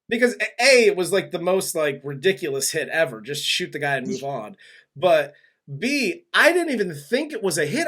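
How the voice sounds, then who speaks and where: Male podcast host, slightly high voice, rambling, animated, profane casual review chat. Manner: rambling, animated retelling with laughs and swearing.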